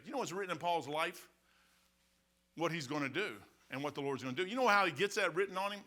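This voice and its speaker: A male pastor preaching a sermon in church, telling stories in an animated, colloquial way. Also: a little high, fast talker. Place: church, behind the pulpit.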